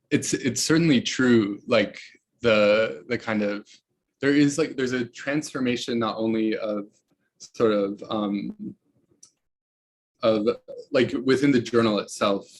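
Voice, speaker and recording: A man's voice: mid-range voice, slow pace, pauses often. A young man speaking as a researcher in an academic interview, hesitant, with many fillers and restarts. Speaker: researcher guest.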